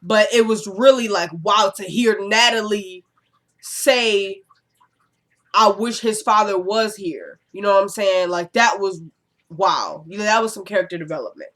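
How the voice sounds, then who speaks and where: A woman casually recapping a TV episode for her channel, chatty and digressive, getting animated when she gives her opinions. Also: mid-range voice, measured pace. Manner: chatty and digressive, often says "you know what I'm saying".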